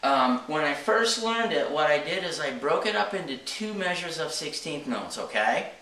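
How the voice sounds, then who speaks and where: Guy teaching drums, kinda high bright voice, keeps saying okay, sounds off-mic in a roomy studio. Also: big pitch swings, normal speed, distant mic. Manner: explains step by step, checks in with frequent "okay?". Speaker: drum teacher. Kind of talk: casual instructional talk. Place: drum studio. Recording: echoey room from off-mic.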